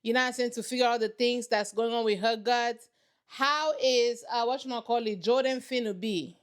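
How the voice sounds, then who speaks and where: Brief: high-voiced woman host, sassy and emphatic, slangy casual commentary. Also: fairly bright tone. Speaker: reaction channel host.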